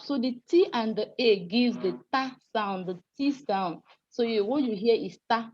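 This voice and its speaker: In a dull lo-fi recording with a bit of faint noise, a woman teaches French pronunciation during a live class. Her mellow voice runs on the high side, expressive and moderately paced, as she patiently explains sounds, spells letters and asks students to read aloud.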